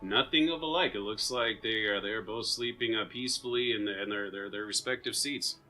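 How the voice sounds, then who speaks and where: A man's voice: fairly low pitch, a little fast, bright, forceful tone, faint music behind, low-quality recording. A man running a tabletop role-playing game as game master, chatting casually, laughing often and stumbling over repeated words as he narrates.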